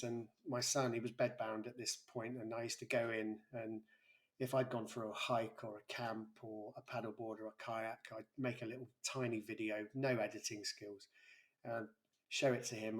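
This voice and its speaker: A man in his forties, a guest on an interview, telling a personal story in a halting way with many restarts. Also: mid-range voice. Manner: halting, with frequent restarts and a breaking voice. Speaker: interview guest, YouTuber and school pastoral lead.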